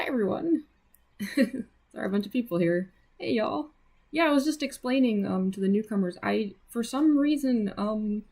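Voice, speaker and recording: Chatty young woman, gravelly edge. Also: mid-range voice, darkish tone. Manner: chatty, lots of fillers and laughs, greets viewers. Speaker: livestreaming artist. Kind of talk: casual livestream chat.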